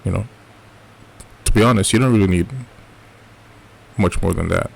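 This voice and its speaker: A man's voice: low-pitched, normal speed, vocal fry, breathy edge. A man teaching a live trading lesson in a casual coaching way, often checking in with "right?". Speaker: trading educator.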